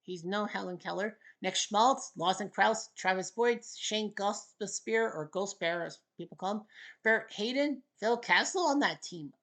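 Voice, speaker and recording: Woman w a bright voice hyping up her hockey video game, jokey, cheers a lot. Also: mid-range voice, normal speed, poor audio. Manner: excitable, jokey, calls the play and cheers for her team. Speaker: gaming channel host. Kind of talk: casual commentary over a hockey video game.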